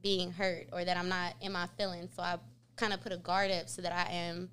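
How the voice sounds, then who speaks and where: A woman's voice: lowish voice, flat delivery, brisk, a bit bright. A young woman in casual chat among friends, blunt, slangy and playful. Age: young adult. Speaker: friend on a talk show.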